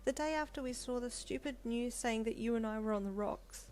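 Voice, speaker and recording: A woman voicing an upset, tearful young pregnant wife in an audio fanfiction role-play, talking high and agitated. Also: brisk, a little mellow, close to an everyday voice. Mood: angry.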